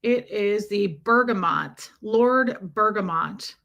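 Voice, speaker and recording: Woman doing a chatty live stream, reading out viewer comments by name, bright voice. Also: mid-range voice, takes it slowly, vocal fry. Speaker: livestream host. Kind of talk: casual live-stream chat.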